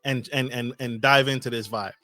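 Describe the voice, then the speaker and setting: A man's voice: medium pitch, steady tone, normal speed, bright, forceful tone. A man hosting a podcast interview, enthusiastic and affirming, asking questions and speaking straight to his listeners. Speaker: podcast host.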